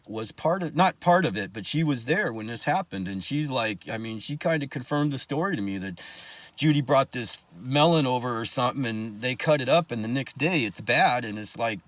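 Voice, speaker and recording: A man's voice: medium pitch, animated, normal speed, fairly bright tone, no room sound. A man telling his own life story in casual talk, blunt and profane, with angry asides.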